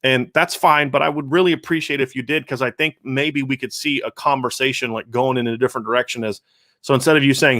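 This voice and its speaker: A man's voice: mid-range voice, fairly even intonation, fast, bright, forceful tone, no room sound, studio quality. A man hosting a live stream, reading viewer comments aloud and answering them in casual, earnest chat with frequent restarts. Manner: conversational, earnest, many restarts. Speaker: show host.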